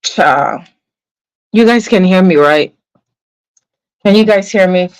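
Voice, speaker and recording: A woman hosting a casual livestream, venting in an animated way, swearing now and then and greeting viewers in her chat. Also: lowish voice, slow, clear, resonant tone, no echo, rough recording. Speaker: livestream host.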